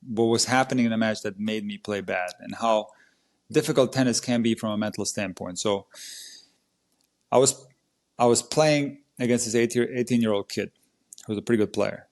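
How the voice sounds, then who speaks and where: A tennis coach telling a match story in a casual, vivid and animated way on a podcast. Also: male voice, mid-range voice.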